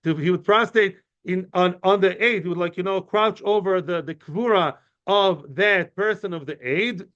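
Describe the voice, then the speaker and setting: Male teacher, high-pitched, conversational and digressive, dull low-fi recording. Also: normal speed, fairly bright tone. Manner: chatty, explains with many fillers and asides; answers questions from students. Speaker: Talmud teacher. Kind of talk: informal study-class lecture. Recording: muffled lo-fi recording.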